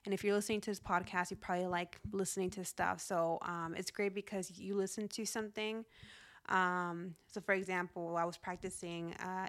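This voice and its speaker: A woman's voice: on the low side, fairly even intonation, normal speed, a bit bright. Chatty woman podcasting solo. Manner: chatty, upbeat, laughs often. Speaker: podcast host. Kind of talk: casual solo podcast talk.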